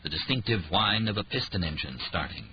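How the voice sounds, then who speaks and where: A man narrating an audiobook thriller in a dramatic, expressive reading. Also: low-pitched, brisk, a little hiss or hum. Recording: dull lo-fi audiobook recording.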